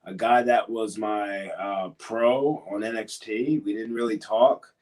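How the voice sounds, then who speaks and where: Male interview guest, ex-wrestler, lower register, loose rambling delivery with lots of repeats. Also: fairly even intonation, unhurried, darkish tone. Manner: rambling, repeats words and restarts. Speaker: former pro wrestler as guest. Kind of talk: casual interview storytelling.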